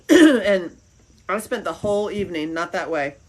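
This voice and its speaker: A middle-aged woman hosting a podcast, chatting casually and telling rambling, animated stories. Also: on the low side, measured pace. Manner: rambling, animated storytelling with laughs. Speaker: podcast host. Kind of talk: casual chat.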